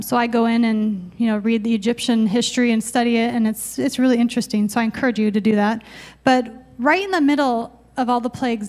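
A woman giving an informal Bible teaching, chatting casually and reading scripture aloud from her notes. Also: high voice.

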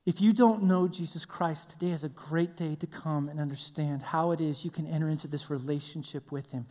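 Pastor guy preaching, goes big then drops to a hush, long reverb hall. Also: on the high side, fairly quick. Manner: animated storytelling, swings between loud and hushed. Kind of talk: sermon. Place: church hall.

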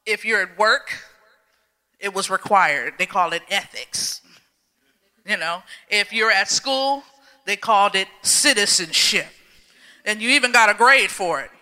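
A man preaching a sermon in a church, telling stories in a slow, emphatic, folksy way. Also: high-pitched, pushed and bright. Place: church sanctuary. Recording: long reverb of a church hall.

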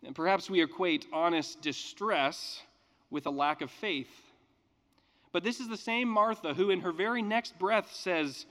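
A man reading scripture and preaching a sermon in a measured, earnest way with emphatic pauses. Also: a little high, lively intonation, fairly bright tone, in a large hall. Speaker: pastor.

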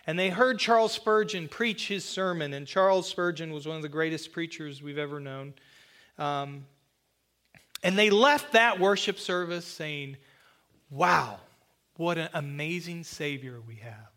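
A man with a notably high voice preaches to his congregation in a church sanctuary. He is earnest and slows right down to stress key phrases, with a bit of self-deprecating humor along the way. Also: fairly bright tone, smooth. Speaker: pastor. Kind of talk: sermon.

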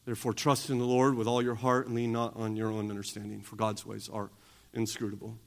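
A man preaching a sermon, swinging between loud emphatic stretches and quiet, intense ones. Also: on the low side, monotone, brisk, vocal fry. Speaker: pastor.

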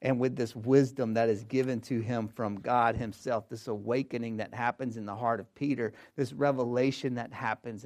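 A man's voice: mid-range voice, darkish tone. Emphatic preaching man. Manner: emphatic, building repetition; conversational asides with repeated words. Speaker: pastor. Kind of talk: sermon.

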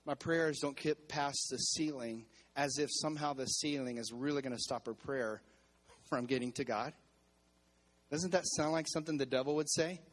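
A male pastor preaches to his church in a fairly high voice. He calls on the congregation to answer back, and he repeats and restarts phrases as his delivery builds in intensity. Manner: preaching with call-and-response to the congregation. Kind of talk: sermon.

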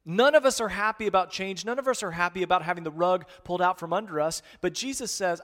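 A man preaching a conversational sermon as pastor, swinging between hushed and loud. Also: sits high, fast, hardly any pauses, big-room sound.

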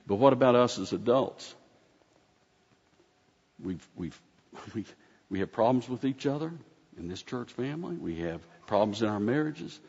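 A man's voice: medium pitch, lively intonation, normal speed, creaky, long pauses, a little mellow, breathy edge. A man preaching a conversational sermon in a folksy, rambling way, often restarting his sentences. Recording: dull sound with long hall reverb.

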